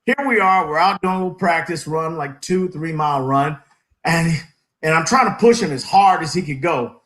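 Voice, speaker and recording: A man, an Army veteran, telling lively war-story anecdotes in casual panel chat and laughing at his own tales. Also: on the high side, normal speed, roomy sound, poor audio.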